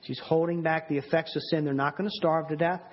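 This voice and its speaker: A husky-voiced man preaches with earnest emphasis, and his voice sits somewhat high for a man. He repeats words and restarts his sentences as he presses each point home. The recording is dull and lo-fi. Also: fairly even intonation, fast talker. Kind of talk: sermon.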